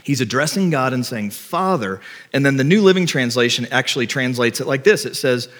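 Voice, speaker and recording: A man's voice: medium pitch, expressive, fairly quick, a bit bright. A man, a pastor, preaching a conversational sermon to his church, explaining and asking his listeners rhetorical questions. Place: church before a congregation.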